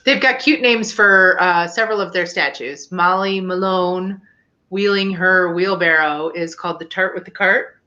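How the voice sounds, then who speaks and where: A woman hosts a casual chat show in a chatty, easygoing way. Her tone is bright and forward, and her voice sits a touch low. The recording sounds dull and lo-fi. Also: moderate pace. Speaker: podcast host.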